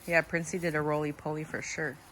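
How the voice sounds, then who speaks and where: A woman's voice: sits low, fairly bright tone, slight background noise. A young woman vlogging outdoors at a horse stable, praising her horses in sweet baby talk with lots of giggles.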